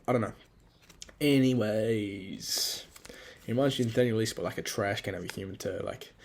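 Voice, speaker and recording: A man's voice: fairly low pitch, a little mellow, a little hiss or hum. A young man in a casual spoken journal, rambling crudely and criticizing himself while planning his day. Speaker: vlogger.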